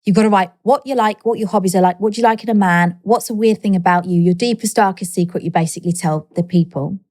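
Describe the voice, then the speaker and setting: Quirky animated woman telling stories. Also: medium pitch, fast talker, dry recording, studio quality. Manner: animated, quirky, acts out quoted people. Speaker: guest. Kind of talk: candid interview storytelling.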